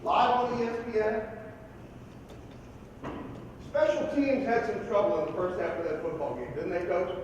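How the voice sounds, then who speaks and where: A man, a football coach, giving a motivational speech and telling stories, at times breaking into loud yelling impressions. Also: high voice, moderate pace, pauses often, lo-fi sound, a little hiss or hum. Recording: echoey hall from far off.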